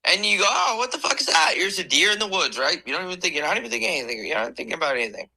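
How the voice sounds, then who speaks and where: A man hosting a podcast, delivering a profane, animated comedic rant from his bed, slowing down for emphasis. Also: on the high side, vocal fry, breathy edge, poor audio. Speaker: podcast host. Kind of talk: ranting comedic monologue.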